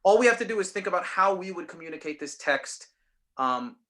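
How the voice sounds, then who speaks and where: A man's voice: high voice, expressive, fairly quick, pushed and bright. A man teaching a voice lesson, patiently explaining and demonstrating lines by speaking and singing them.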